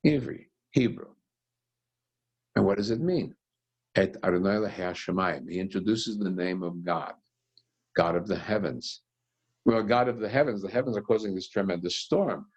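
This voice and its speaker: A man, a rabbi, teaching a scripture study session and telling the story with animated voices for its characters. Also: fairly low pitch, normal speed, long pauses, breathy edge. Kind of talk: text study lesson.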